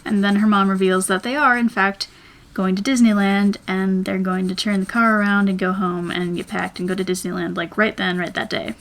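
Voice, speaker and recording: A woman's voice: medium pitch, little pitch movement, fairly quick. Chatty young woman rambling while drawing. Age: 20s. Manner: chatty and rambling, thinking out loud. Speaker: vlogger. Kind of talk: casual chat while drawing.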